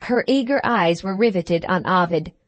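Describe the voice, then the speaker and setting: A woman narrating a classic novel as an audiobook in a measured, expressive way. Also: lowish voice, dry recording. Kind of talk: scripted narration.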